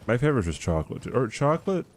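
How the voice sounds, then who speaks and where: A man streaming a game, chatting casually with his viewers in an animated, argumentative, rambling way, swearing freely. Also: medium pitch, fast, vocal fry, slight background noise. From United States.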